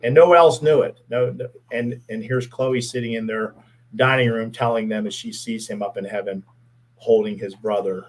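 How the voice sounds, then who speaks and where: A man's voice: mid-range voice, steady tone, moderate pace, rough recording. A middle-aged man from the Pittsburgh area, a former police officer, telling a heartfelt story in a casual interview, earnest and often repeating his words.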